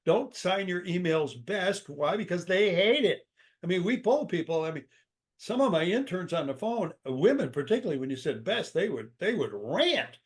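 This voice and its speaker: Older guy on a podcast, punchy and emphatic, acts out little dialogues, voice sits a bit high. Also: sing-song, normal speed. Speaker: author and business guest. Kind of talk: interview answer, storytelling.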